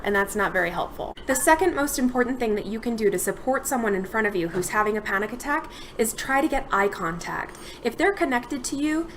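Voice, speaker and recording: A young adult woman therapist speaks to her viewers in a calm, steady, instructional manner. Her voice sits a little on the higher side, and she lays out each step evenly and clearly. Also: slight background noise. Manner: calm, steady explanatory delivery. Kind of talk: instructional talk to camera.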